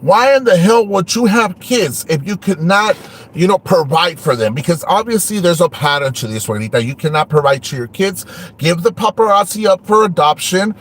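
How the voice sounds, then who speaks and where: A man's voice: sits high, animated, normal speed, fairly bright tone. A man hosting an online show, ranting and taunting a rival, switching between English and Spanish. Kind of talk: ranting livestream talk.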